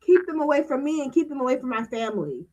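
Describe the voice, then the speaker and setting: A woman's voice: sits high, big pitch swings, fast, highs cut off, heavy background noise. A woman hosting a streaming talk show, ranting bluntly with a lot of swearing and emphatic delivery. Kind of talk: casual livestream commentary.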